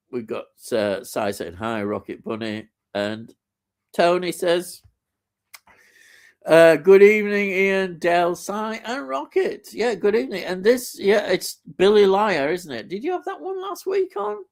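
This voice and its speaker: Middle-aged man, live-stream co-host, relaxed slow delivery, rambling and enthusiastic, lots of fillers. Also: fairly high pitch. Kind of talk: casual live-stream chat, reading out viewer comments.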